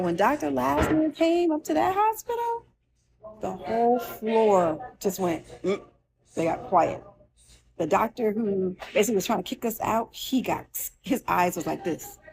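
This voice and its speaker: A woman's voice: medium pitch, unhurried, vocal fry, background noise. A woman telling a true personal story with emotion, acting out the voices of the people in it, with restarts and asides. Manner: animated, acts out quoted voices, with restarts.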